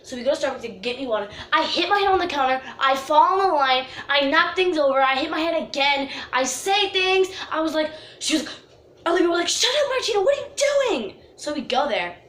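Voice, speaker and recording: A woman telling a storytime vlog story in an animated, dramatic way, full of "like" fillers. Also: sits high, fairly quick. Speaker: vlogger. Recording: echoey room.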